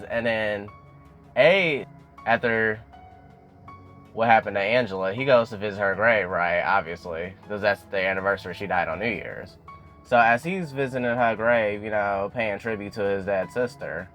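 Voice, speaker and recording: A young YouTube recapper casually sums up a TV episode over soft background music, chatting with plenty of "you know" fillers and acting out bits of dialogue. His voice is lowish but fairly bright, and he speaks a little slowly.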